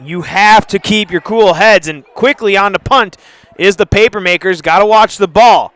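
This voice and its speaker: A man calling a live high school football game play by play, brisk and chatty, surging to shouts on big plays. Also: clean tone. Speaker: play-by-play announcer.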